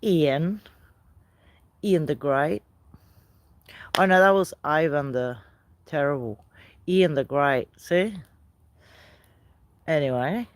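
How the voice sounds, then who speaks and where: A woman's voice: sits low, slow pace, long pauses, dry recording. A woman hosting a casual live stream outdoors by a night fire, chatting with viewers, greeting them by name and laughing often. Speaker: livestream host.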